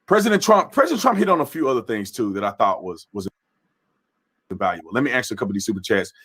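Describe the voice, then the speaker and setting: A man's voice: on the low side, very animated, fast, fairly bright tone, slightly rough. A man hosting a political commentary livestream who talks animatedly and often restarts his phrases. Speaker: livestream host.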